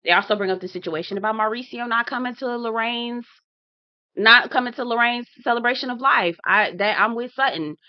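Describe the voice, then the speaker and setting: A woman's voice: a little high, brisk, dry recording, muffled recording. A woman giving casual commentary to her viewers, talking to them directly and acting out her own reactions. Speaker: TV reality show reviewer.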